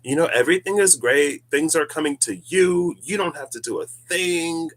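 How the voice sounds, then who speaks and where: A man putting on a soft-voiced soothing reassurer. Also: on the high side, lively intonation, normal speed, pitched above the performer's own voice.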